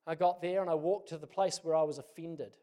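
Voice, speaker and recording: A middle-aged pastor delivers a sermon built around a personal story. His voice sits a little high for a man, and he talks in a relaxed, conversational way with touches of self-deprecating humor. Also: a little fast.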